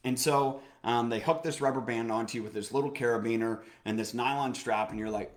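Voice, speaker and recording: A man co-hosting a casual chat show, telling a personal story in a lively, motivational way, with many fillers, restarts and repeated phrases. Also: mid-range voice, fairly quick, few pauses. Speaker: podcast co-host.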